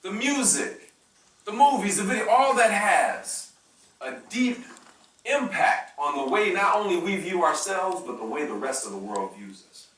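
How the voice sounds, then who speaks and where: A man's voice: high-pitched, sing-song, measured pace, a bit bright. A man giving a university lecture in an impassioned, preacher-like style with call-and-response to the audience. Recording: echoey hall from far off.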